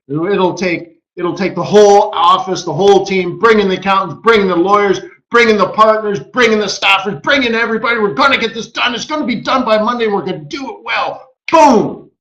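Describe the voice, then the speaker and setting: Male webinar host, casual and animated, high-ish voice, echoey lo-fi room sound. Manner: animated storyteller who acts out quoted voices. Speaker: forex market strategist and webinar host. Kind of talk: casual live webinar commentary. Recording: echoey room, dull lo-fi audio.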